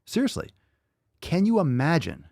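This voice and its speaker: A man's voice: on the high side, huge pitch swings, moderate pace, gravelly, a little mellow, no room sound, clean studio sound. A man hosting a podcast, ranting casually with heavy swearing and repeating phrases for emphasis. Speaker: podcast host.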